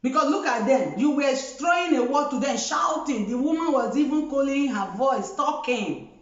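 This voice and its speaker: Scolding woman, high voice. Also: expressive, moderate pace. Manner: lecturing, scolding, keeps asking "Eh?". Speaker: host. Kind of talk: scolding commentary monologue. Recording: echoey dull lo-fi room.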